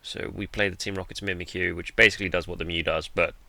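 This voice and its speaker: A man with a low, gravelly voice talks through his card game match in a laid-back, self-deprecating way. His delivery is forceful, and the dry recording keeps him close to the mic. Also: steady tone, fast, dry recording. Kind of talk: casual gameplay commentary.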